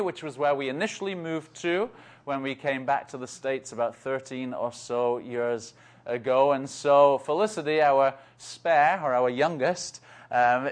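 An English man in his forties, a guest speaker opening a talk with chatty, self-deprecating preaching and joking asides. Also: mid-range voice. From northeast England. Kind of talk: conversational preaching.

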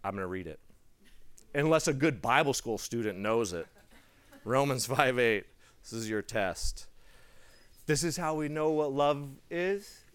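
A young man preaching a sermon through a personal story, animated, acting out the people in it and dropping to a hush at tender moments. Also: mid-range voice. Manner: animated, acts out the people in his stories; laughs between lines, drops to a hushed tone for tender moments.

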